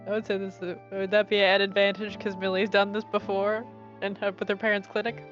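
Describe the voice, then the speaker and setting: A woman's voice: medium pitch, flat delivery, brisk. A woman playing a tabletop game, talking casually and laughing often, in a dull lo-fi recording with faint music. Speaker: player.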